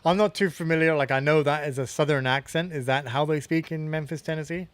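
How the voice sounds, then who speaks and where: Guy cohosting, bit higher voice, laughs a lot, dry close sound. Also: fast talker, clear, resonant tone, no echo. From England. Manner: laughs easily, relaxed. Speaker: podcast co-host. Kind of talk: casual chat.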